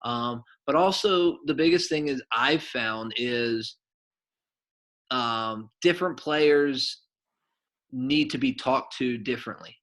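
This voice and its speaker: A middle-aged man, a soccer coach and former goalkeeper, telling stories to kids in a rambling, animated way with lots of fillers. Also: medium pitch, slow pace. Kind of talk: casual storytelling to kids.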